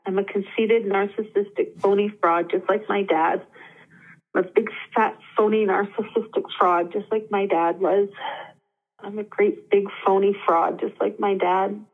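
A woman's voice: medium pitch, steady tone. Woman on a tinny phone line. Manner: repeating harsh self-statements slowly, earnest and halting. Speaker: caller. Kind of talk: emotional coaching exercise over a call. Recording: thin phone-line audio.

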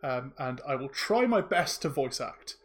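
A man narrating as game master, halting and full of fillers. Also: medium pitch, big pitch swings.

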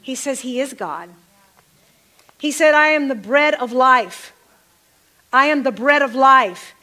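High bright-voiced woman preaching. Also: expressive, takes it slowly. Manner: call-and-response, repeats phrases for emphasis. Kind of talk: sermon.

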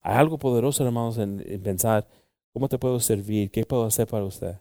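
With a lowish, darkish voice moving a little fast, a man preaches and prays as a pastor, crossing between English and Spanish. His plea keeps returning to "Lord" and "Jesus," with no room sound in the recording.

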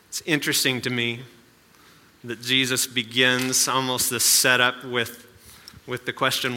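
A man's voice: mid-range voice, level tone, a little slow, bright, forceful tone, long reverb tail. A male pastor giving a sermon in a conversational way, with asides and rhetorical questions.

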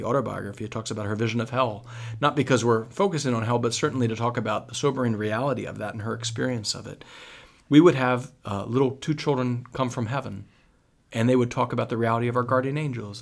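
Male priest, radio interview guest, animated storyteller with frequent restarts. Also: mid-range voice, vocal fry.

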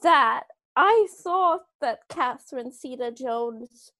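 A woman co-hosts a podcast in a casual, unhurried way. Her voice sits high, and she takes her time over her words as she laughs along. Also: lively intonation, pushed and bright. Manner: slow, thoughtful, laughs along. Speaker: podcast co-host.

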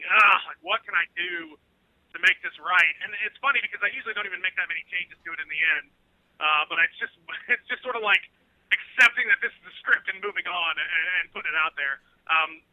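A man's voice: sits high, dry recording. A man guesting on a talk show, rambling and self-deprecating as he explains his process over a dull phone line. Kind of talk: casual interview over the phone.

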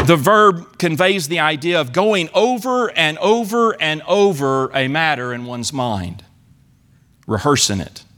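A man's voice: fairly high pitch, big pitch swings, a little slow, fairly bright tone. A man preaching a sermon in church, earnestly acting out the psalmist's pleas. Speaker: pastor.

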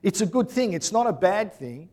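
A man preaches in a relaxed, conversational style. His voice sits a bit higher than most men's. He keeps checking in with his listeners by asking "yeah?". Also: moderate pace. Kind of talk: sermon.

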